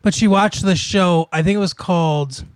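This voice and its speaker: A man's voice: high voice, normal speed, dry recording. A man in casual podcast chat, laid-back, swearing and laughing often.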